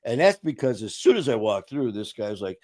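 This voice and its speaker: Middle-aged male host with mid-range pitch; relaxed, profane storyteller who laughs as he talks. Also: fairly quick. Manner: animated, profane, laughs through his stories. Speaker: podcast host. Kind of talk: casual storytelling chat.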